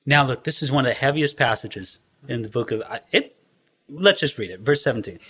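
A man preaching a sermon who tells the story in an animated way and acts out the scenes. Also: medium pitch, a little fast, husky. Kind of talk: expository sermon.

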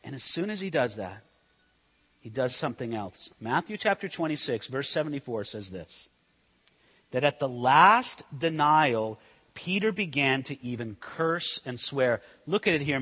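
A male pastor delivers a sermon in a bright, sharp voice that climbs high and dips low. He swings from loud emphasis to hushed intensity. His voice carries a long reverb, as if in a large hall. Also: animated, normal speed, breathy edge.

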